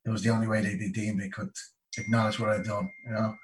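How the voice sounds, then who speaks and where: A man's voice: on the low side, quick pace, distant mic, a little hiss or hum, poor audio. Irish man telling a story, a bit off-mic. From Ireland. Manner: lively anecdote-telling, acts out the people he quotes, many "you know"s. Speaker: guest. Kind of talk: casual storytelling.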